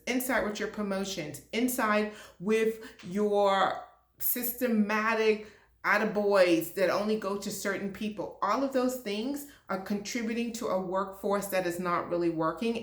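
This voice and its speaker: A woman's voice: medium pitch, a bit bright, roomy sound. A woman speaking as an HR and diversity leader, talking to camera in a passionate, emphatic rant. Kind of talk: direct-to-camera talk.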